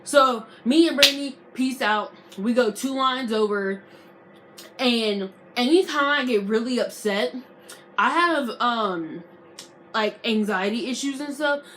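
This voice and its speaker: A young adult woman vlogger telling a storytime story to camera, slangy and animated, acting out arguments as she goes. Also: a little high, slow, a little hiss or hum. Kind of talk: casual storytime vlog.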